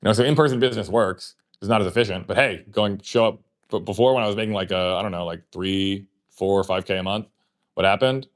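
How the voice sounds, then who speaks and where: A man's voice: on the low side, steady tone, quick pace. A man hosting a livestream, telling a long casual story in a rambling way, full of fillers and swearing. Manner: acts out remembered conversations in his telling. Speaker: livestream host.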